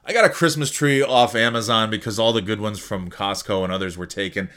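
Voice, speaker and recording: A man's voice: fairly low pitch, fairly quick, fairly bright tone. A man hosting a solo podcast from home, chatting casually in a rambling, jokey, self-mocking way. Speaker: podcast host.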